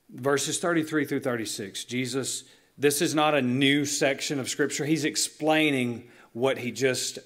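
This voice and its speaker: A male pastor delivering a sermon in a church, earnest and illustrative, slowing down to stress key lines. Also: medium pitch, a bit bright. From Southern United States. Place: church sanctuary.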